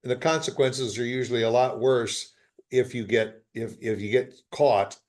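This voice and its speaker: A man's voice: medium pitch, fairly even intonation, moderate pace, darkish tone. A man co-hosting a laid-back talk podcast. He speaks in an easygoing way, stumbling over and repeating words now and then, and chips in with short agreeing remarks. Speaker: podcast co-host. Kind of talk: casual chat.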